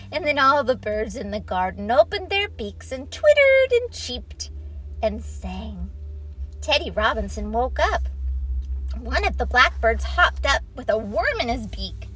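Gentle, slow woman reading a storybook. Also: on the high side, rough recording. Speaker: narrator.

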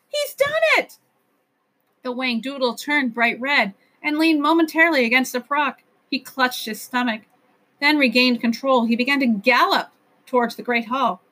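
동화책을 읽어 주는 약간 높은 목소리의 여성. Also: female voice, on the high side, pushed and bright. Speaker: narrator. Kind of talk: reading a children's novel aloud.

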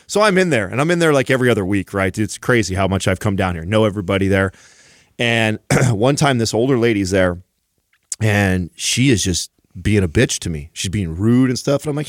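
Animated man telling a story, dry mic. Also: fairly low pitch, fairly quick, no room sound. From San Jose area, California. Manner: animated storyteller, swears freely. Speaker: podcast co-host. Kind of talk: casual storytelling chat.

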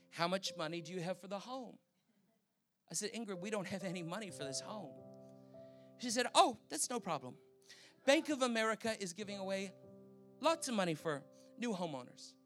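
A Canadian man preaching, telling a testimony in a lively storytelling manner and acting out the people he quotes. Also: high voice, normal speed, long pauses, faint music behind. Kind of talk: sermon testimony.

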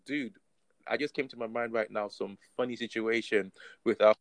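A man's voice: lowish voice, steady tone, normal speed, creaky, no echo, low-quality recording. A young man with a London accent, telling stories in loose, slangy casual chat on a podcast. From West London. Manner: slangy, storytelling, laughs often.

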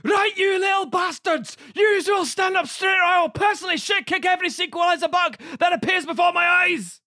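A man voicing a furious male army drill officer who shouts threats in a badly put-on Irish accent. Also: very high-pitched, brisk, dry recording, studio quality, voice pushed up. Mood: bellowing rage.

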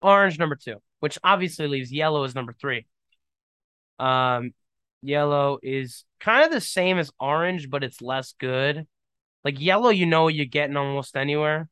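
A man's voice: on the high side, pushed and bright, clean tone, no echo. A young man hosting a podcast in casual solo chat, rambling and emphatic, often saying "dude". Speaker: podcast host.

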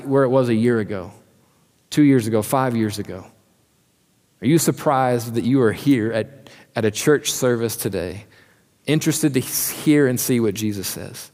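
Long reverb from the church hall hangs on this sermon, where a man speaks as pastor in a darkish, mid-pitched voice. He's earnest, putting direct questions to his listeners.

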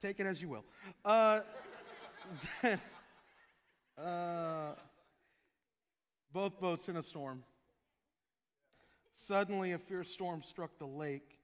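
A man preaching a sermon as pastor, joking with his congregation and breaking into loud shouted prayers. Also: high-pitched, slow, long pauses, long reverb tail.

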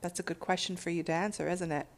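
A woman's voice: fairly low pitch, fairly even intonation, fast. A woman giving a casual spiritual talk to her followers, urging and swearing freely as she speaks. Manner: profane, exhortative, laughs at own words.

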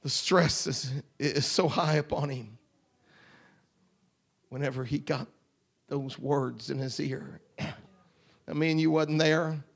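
A man preaching a revival sermon, swinging from hushed, quiet lines to shouted whoops. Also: on the high side, slow, gravelly, long pauses.

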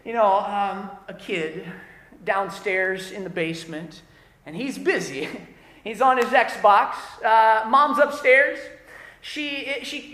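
A male pastor delivers a conversational sermon, slipping into animated quoted voices. His tone is bright and forceful. The roomy church hall echoes around him. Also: high-pitched, takes it slowly. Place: church worship service.

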